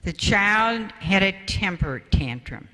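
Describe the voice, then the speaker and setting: An older woman, medium-pitched and animated yet slow, with a sharp tone, delivers a storytelling talk on spiritual parenting. She gives lively voice to the people she quotes, and the hall around her is reverberant.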